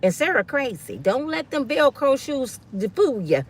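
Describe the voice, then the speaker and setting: A woman hosting a show and telling animated stories, emphatic, preachy and sassy, with quick asides. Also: sits high. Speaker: host. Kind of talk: animated storytelling rant.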